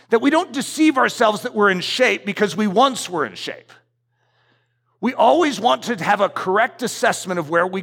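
A man's voice: high-pitched, pushed and bright. A middle-aged man preaching a sermon as pastor, emphatic and repetitive as he drives his points home in a church. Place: church sanctuary. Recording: church hall reverb.

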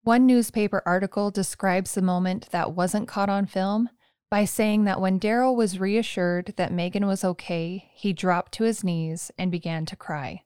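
A woman narrating a true crime podcast in a calm, measured scripted read. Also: mid-range voice, clean tone, no echo, clean studio sound.

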